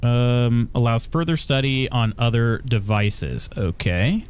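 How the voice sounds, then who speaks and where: A man's voice: mid-range voice, takes it slowly, clean tone. A man live-streaming a video game, chatting casually with his viewers and chuckling often. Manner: chatty, reads chat aloud, frequent chuckles. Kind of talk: casual live-stream chat while gaming.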